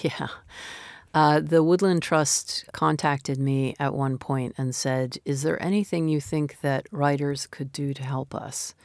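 A woman's voice: sits low, steady tone, unhurried, a little mellow, no room sound. Thoughtful novelist woman, dry close sound. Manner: thoughtful, reflective, conversational. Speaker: novelist guest. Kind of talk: interview conversation.

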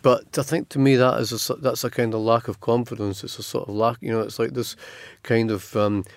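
A man's voice: mid-range voice, flat delivery, a little fast, no room sound. A middle-aged Scottish man giving long reflective interview answers, full of fillers and restarts. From Scotland. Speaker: writer, interview guest.

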